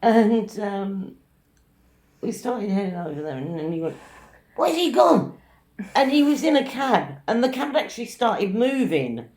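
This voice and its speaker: Lively woman telling a story. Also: mid-range voice, moderate pace, reverberant. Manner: animated anecdote-telling, quotes others. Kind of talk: casual chat.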